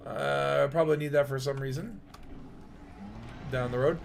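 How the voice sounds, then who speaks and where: A man's voice: medium pitch, steady tone, normal speed, vocal fry, pauses often. A man streaming a game and chatting casually in a rambling, jokey way, with lots of fillers. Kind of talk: casual gaming chat.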